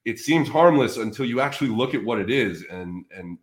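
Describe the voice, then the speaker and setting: A man's voice: medium pitch, expressive, a little fast, reverberant. A man appearing as a podcast guest, speaking directly and matter-of-factly in casual conversation.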